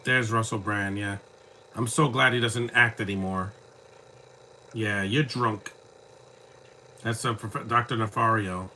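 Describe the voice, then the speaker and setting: A man's voice: lowish voice, steady tone, moderate pace, sharp tone, a little hiss or hum. A man giving casual live commentary over a film, with rambling, joking asides. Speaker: movie commentator.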